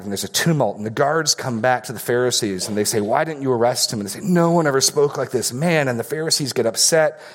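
A man preaching an expository sermon as pastor, earnest and emphatic, often repeating key phrases for stress. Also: on the low side.

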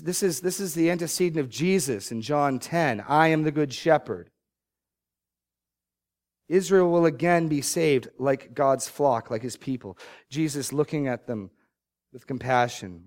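A man preaching a sermon, reading scripture with rising emphatic bursts and quick asides to the congregation. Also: fairly high pitch. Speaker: pastor.

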